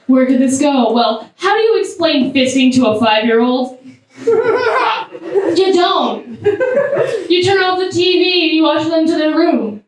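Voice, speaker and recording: A woman performing a stand-up comedy set, animated, with sudden high squeals. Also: unhurried, pauses often. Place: comedy club stage. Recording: echoey club sound from far off.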